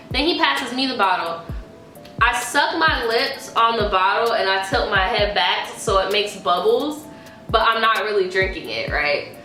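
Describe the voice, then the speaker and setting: Woman vlogger, animated profane storytime, bright higher voice, echoey room. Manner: animated, profane retelling with acted quotes. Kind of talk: casual storytime.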